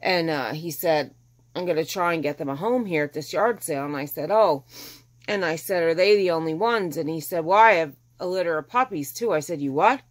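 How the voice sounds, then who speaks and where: A woman's voice: sits low, fairly quick. A middle-aged woman, casually telling a long rambling story and acting out what people said. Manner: chatty, rambling, acts out quoted dialogue. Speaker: vlogger telling her rescue story.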